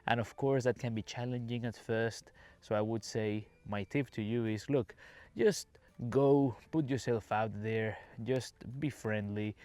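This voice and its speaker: A man from Venezuela with a Venezuelan Spanish accent hosts a casual podcast for English learners. He talks in a chatty, relaxed way at a medium pitch and slips into acted-out dialogue now and then. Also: measured pace, smooth, no echo. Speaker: English teacher and podcast host.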